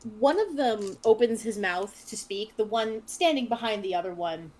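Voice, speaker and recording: Brief: brisk woman game master narrating a tabletop session. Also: medium pitch, animated, darkish tone, low-quality recording. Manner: brisk, directive. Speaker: dungeon master.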